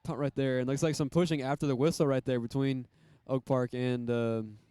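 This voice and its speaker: A man commentating a school football game with a smooth, warm voice. He keeps his pitch fairly level and talks casually, leaning on fillers as he follows each play. The sound is dry and close. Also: fairly even intonation, moderate pace, dry recording.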